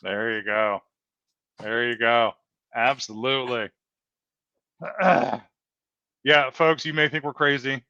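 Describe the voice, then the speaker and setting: A man's voice: mid-range voice, steady tone, takes it slowly, long pauses, bright, forceful tone, clear, resonant tone, dry recording. A man hosting a casual interview, talking earnestly and rambling with many restarts and fillers. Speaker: host. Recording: dull lo-fi dry sound.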